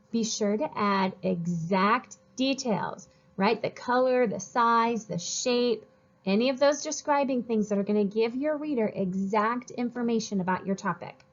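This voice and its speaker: A woman teacher giving a recorded writing lesson to young children, speaking slowly and sounding out syllables and letters. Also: on the high side, dull audio. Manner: slow, sing-song, sounds out syllables and letters.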